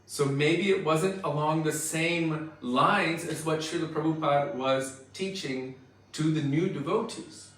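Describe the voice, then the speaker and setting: A man's voice: on the high side, unhurried. A man giving an earnest, emphatic devotional lecture as a spiritual teacher. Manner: earnest, emphatic, forceful preaching. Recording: very echoey room, mic far off.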